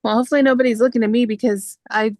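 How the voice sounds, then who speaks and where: A woman's voice: fairly high pitch, steady tone, racing, a little mellow, dry recording. A woman co-hosting a casual live chat who laughs readily and chimes in with short replies. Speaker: co-host.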